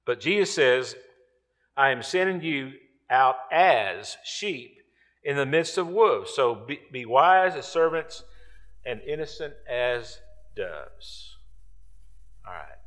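Slow, emphatic preacher man. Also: mid-range voice, sing-song, fairly bright tone. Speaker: pastor. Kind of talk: sermon. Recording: long hall reverb.

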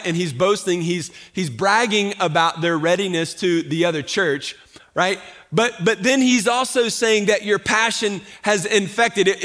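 A man's voice: high-pitched, fairly bright tone. A man preaching a sermon as pastor, talking conversationally with rhetorical questions and repeated restarts.

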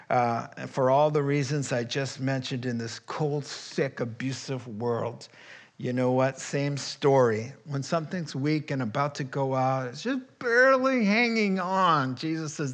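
Slow-talking pastor man with a higher voice. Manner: conversational, chuckling, jumps to loud emphatic bursts. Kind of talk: sermon.

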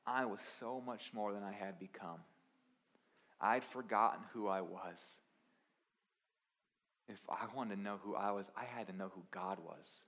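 A young man preaching a sermon, swinging from quiet confessional lines to loud, emphatic preaching. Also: lowish voice, a little slow, long pauses. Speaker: pastor.

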